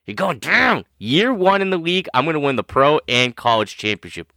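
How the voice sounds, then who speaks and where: A man's voice: mid-range voice, big pitch swings, fairly quick, sharp tone, slight background noise. A man co-hosting a fantasy football podcast, boasting and trash-talking in playful banter. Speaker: podcast co-host.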